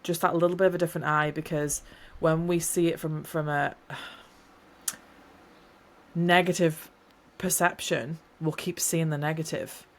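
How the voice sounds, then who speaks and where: A woman with a slightly low voice talks through her thoughts on a solo podcast. She rambles warmly and encourages the listener, restarting sentences as she goes. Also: flat delivery, a little slow. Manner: rambling, encouraging, self-correcting. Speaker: podcast host. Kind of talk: reflective solo podcast talk.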